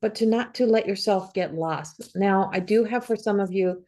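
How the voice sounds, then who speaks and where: Woman, psychic reader, tarot forecast, warm mellow voice, encouraging, restarts often. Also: mid-range voice, moderate pace. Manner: earnest, repetitive, encouraging, thinks aloud with restarts. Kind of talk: tarot forecast reading to camera. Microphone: camera, solo video.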